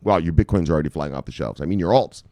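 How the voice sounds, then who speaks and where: A man from Canada giving excitable, profane crypto news commentary, repeating himself and calling viewers brothers. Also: low-pitched, racing, no room sound.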